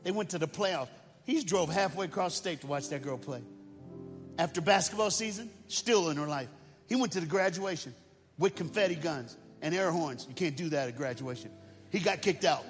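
A man's voice: a little high, moderate pace. A man preaching as a guest speaker, telling a story in a dramatic, colloquial way. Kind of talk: sermon storytelling. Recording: long hall reverb, faint music.

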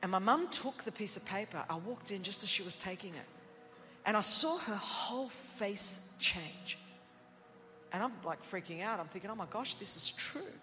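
An Australian woman preacher telling a personal story in a sermon, animated and self-mocking, acting out what people said. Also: mid-range voice, normal speed, big-room sound.

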